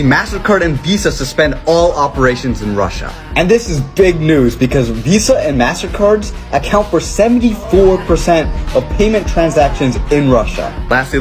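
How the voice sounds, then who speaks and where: A man giving a short, brisk news update with his own comments. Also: fairly high pitch.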